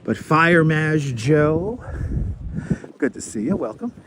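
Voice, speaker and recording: A man's voice: on the high side, animated, slow, background noise. A man hosting a walking tour livestream outdoors in a city cemetery, chatty and greeting viewers by name, a little out of breath from walking uphill. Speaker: livestream host. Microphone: wireless clip-on mic.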